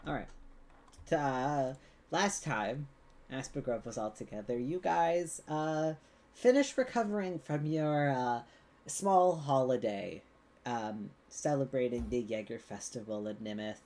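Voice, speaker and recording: A man's voice: medium pitch, measured pace, darkish tone. A man narrating as game master of a tabletop game on a live stream, rambling with frequent ums and restarts and laughing easily.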